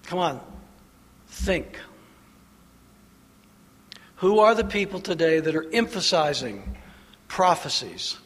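Long reverb from a large hall surrounds this sermon, delivered by a man whose slightly high, fairly bright voice has a breathy edge and big pitch swings. He speaks slowly and deliberately, emphatically pushing his audience with rhetorical questions.

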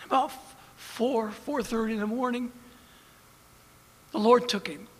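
A male preacher delivering an impassioned sermon, dropping to hushed storytelling and rising to loud preaching. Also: very high-pitched, steady tone, measured pace, breathy edge. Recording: long hall reverb.

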